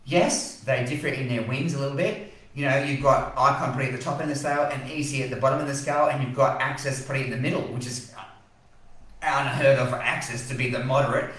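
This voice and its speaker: A man's voice: medium pitch, fairly even intonation, fast, fairly bright tone, far from the mic. Passionate Australian man ranting in an echoey room. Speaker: weather page host. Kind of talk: live-streamed weather commentary.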